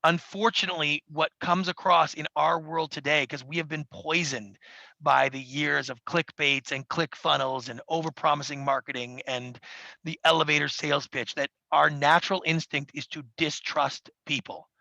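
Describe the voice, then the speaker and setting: A man who is a podcast guest and TV producer, talking animatedly and acting out quoted people in quick voices. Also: on the high side, fairly even intonation, creaky, pushed and bright, no echo, muffled recording. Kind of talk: animated interview talk. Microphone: studio mic.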